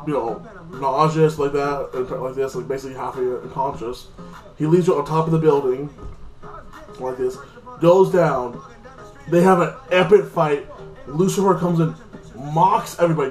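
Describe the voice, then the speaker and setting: A man's voice: a little high, darkish tone, reverberant, rough recording. A man giving a casual, rambling episode recap, swearing often and leaning on fillers. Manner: rambling, profane, lots of fillers. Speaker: TV show reviewer.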